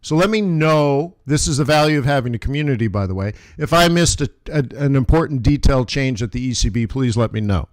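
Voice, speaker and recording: A man's voice: medium pitch, animated, a little fast, few pauses, no echo, studio quality. A man in his forties, a forex trader hosting a live trading stream and talking viewers through the markets in a chatty, emphatic way.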